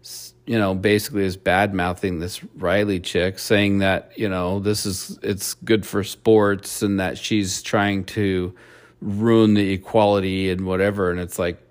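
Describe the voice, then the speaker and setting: A man's voice: low-pitched, little pitch movement, a little slow. A man hosting a solo opinion podcast, ranting in a blunt, profane way. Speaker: podcast host.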